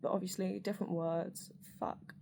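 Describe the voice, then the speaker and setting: A woman's voice: lowish voice, little pitch movement, normal speed, creaky, dark tone, slight background noise. A woman speaking straight to camera in a rambling, candid personal monologue, with lots of fillers and casual swearing.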